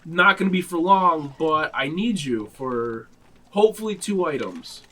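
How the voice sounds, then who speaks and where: A man playing a character in a tabletop game, speaking in a relaxed, casual way. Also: a little high, a little slow. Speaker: player.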